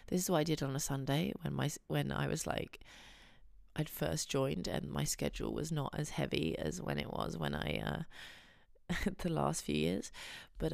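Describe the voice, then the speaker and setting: Young woman host, low fry-heavy voice, rambling casual storyteller. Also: a little mellow, no echo, studio quality. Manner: chatty, giggly, rambling storytelling. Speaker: podcast host. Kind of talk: casual chat.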